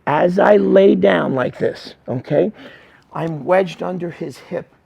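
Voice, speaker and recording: Middle-aged guy coaching jiu-jitsu on the mat, raspy gravelly voice, keeps going "right? okay?". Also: sits high, muffled recording. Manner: acts out students' lines in quick asides. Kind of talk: mat-side technique instruction.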